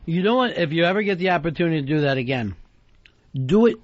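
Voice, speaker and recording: A male radio host in dry, teasing banter, his voice pitched high and set close and dry to the mic. The broadcast sounds dull and lo-fi. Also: animated, quick pace, no room sound.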